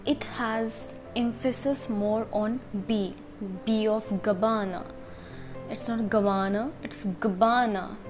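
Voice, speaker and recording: This is a woman, teaching pronunciation in a measured, unhurried way. Her voice sits a little high, and she says each word slowly and with care. A faint music bed runs underneath. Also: steady tone. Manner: slow, deliberate, repeats words carefully. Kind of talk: instructional video explanation.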